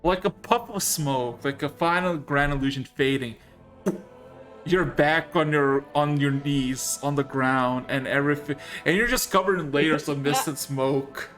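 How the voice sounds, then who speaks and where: A man runs a tabletop game, narrating in an unhurried, deliberate way. His voice sits a little higher than most men's, and soft music plays faintly behind him. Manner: slow dramatic narration. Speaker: game master.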